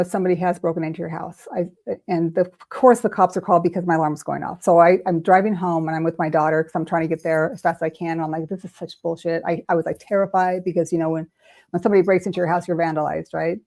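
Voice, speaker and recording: An older woman recounts a personal experience as an interview guest, her voice low and mellow. She talks animatedly and slips into the voices of the people she quotes. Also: creaky. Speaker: intuitive reader, interview guest. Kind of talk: storytelling in an interview.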